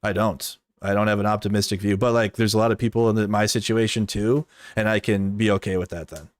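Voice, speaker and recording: Blunt, profane man with a low voice. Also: steady tone, quick pace, no echo. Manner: blunt, profane, rambling, full of "like". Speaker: streamer and political commentator. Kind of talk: casual commentary stream.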